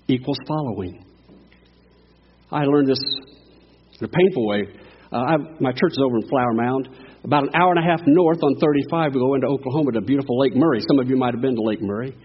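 A middle-aged man preaching a sermon as a guest pastor, telling a story and swinging from hushed lines to loud cries. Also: medium pitch, fairly quick, long pauses, slightly rough, lo-fi sound.

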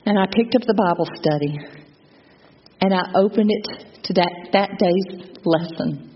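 A woman's voice: medium pitch, unhurried. A middle-aged woman telling her personal testimony to a church gathering in an earnest, reflective way. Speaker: church speaker giving testimony. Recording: long reverb, dull lo-fi sound, faint noise.

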